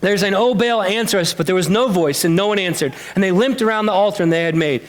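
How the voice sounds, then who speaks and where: A man preaching a sermon as pastor, telling a Bible story in a lively, animated way and acting out the characters' lines. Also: sits high, fast talker. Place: church sanctuary.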